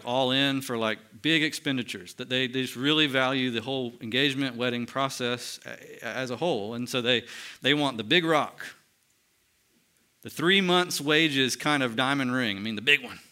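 A male pastor preaching a sermon in an earnest tone, slowing down and dropping quiet for emphasis. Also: medium pitch, clean tone.

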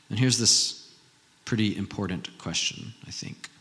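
Pastor guy in his 30s preaching, chatty and animated, bright tense voice, big reverb from the church. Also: on the low side, unhurried. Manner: conversational and animated, with rhetorical questions. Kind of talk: sermon.

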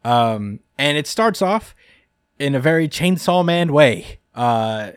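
A man's voice: a little high, lively intonation, slow, clear, resonant tone, dry recording, clean studio sound. A man hosting a podcast, recapping a chapter in a casual, rambling way with frequent laughs. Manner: rambling, lots of ums and laughs. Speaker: podcast host.

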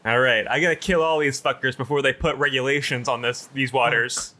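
A brash, ruthless hunter, played by a man, barking questions in a raised, bright voice. Pushy and impatient. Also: medium pitch, fairly even intonation, a little fast, lightly acted. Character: gruff ruthless adult male dolphin hunter. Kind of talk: improvised comedy scene.

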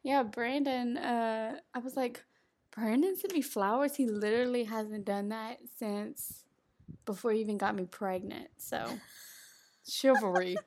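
Excitable woman cohost, kinda high voice, swears and laughs a lot, faint hiss behind. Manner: excitable, crude, quick to laugh. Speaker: podcast co-host. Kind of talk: casual chat.

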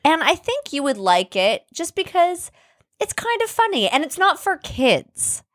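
A woman co-hosting a chatty podcast, bubbly and quick to giggle, dropping swear words as she goes. Her voice leaps up and down in pitch. The sound is dry and close, with no room around it. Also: very animated, fairly bright tone, no room sound. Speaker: podcast co-host. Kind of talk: casual chat.

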